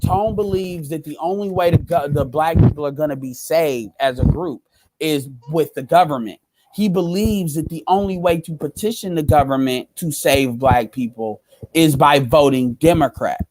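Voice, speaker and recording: A man's voice: on the high side, normal speed, darkish tone, no room sound, poor audio. A man hosting a casual livestream, talking bluntly with lots of profanity and repeating his points. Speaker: livestream host.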